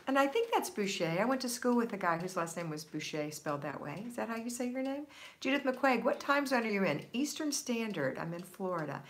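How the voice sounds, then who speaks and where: A woman's voice: on the high side, big pitch swings, brisk. Brief: woman host of a live chat, cheerful and encouraging, chatting straight to her viewers. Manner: upbeat, encouraging, reads comments aloud. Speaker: livestream host answering viewer comments. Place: home, Florida.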